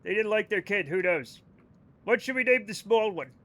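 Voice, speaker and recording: A man's voice: high-pitched, animated, moderate pace, a bit bright. A man with a Rhode Island accent, chatting casually on a live game stream, rambling as he reads chat aloud and riffs on it.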